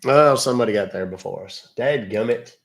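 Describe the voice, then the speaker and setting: A man's voice: medium pitch, brisk, vocal fry. A man hosting a live stream, chatting casually in a folksy, rambling way with plenty of "uh"s and mild exclamations. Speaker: live-stream host baiting scam callers.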